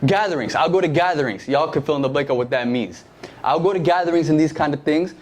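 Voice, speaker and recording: A man's voice: a little high, quick pace. Young man preaching with a casual story. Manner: conversational, heavy use of "like", lively anecdotes. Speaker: youth pastor.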